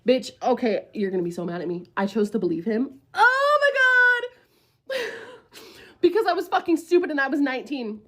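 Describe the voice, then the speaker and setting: A woman's voice: fairly high pitch, quick pace, hardly any pauses, a little mellow. A woman in her twenties telling a story casually to the camera, profane and rambling, with lots of fillers.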